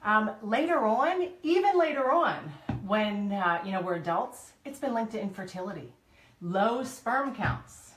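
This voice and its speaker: A woman's voice: medium pitch, animated, unhurried, fairly bright tone. A woman co-hosting a casual chat, teasing and chatty as she explains things. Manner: teasing, chatty, laughs often. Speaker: co-host. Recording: echoey room.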